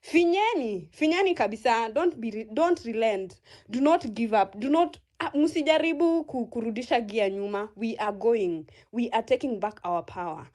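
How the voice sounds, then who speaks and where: A woman's voice: on the high side, lively intonation, moderate pace, darkish tone. Furious, swearing Kenyan woman rallying protesters. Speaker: speaker in an online audio space. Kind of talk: impassioned protest speech.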